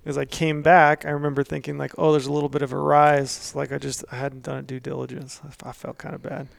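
A man on a hunting podcast, talking in halting, self-deprecating casual chat. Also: fairly high pitch, little pitch movement, creaky, no room sound.

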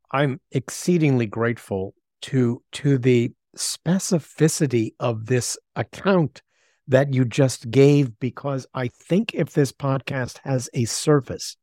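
A man hosting a podcast, speaking in thoughtful, measured phrases. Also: mid-range voice, a little mellow, dry recording, studio quality. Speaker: podcast host. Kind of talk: conversational interview.

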